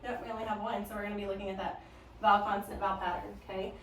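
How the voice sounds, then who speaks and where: A woman's voice: mid-range voice, level tone, racing, fairly bright tone, a little hiss or hum. A woman teacher leading a phonics lesson, patient and prompting her student. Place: classroom. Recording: echoey room, from a distance.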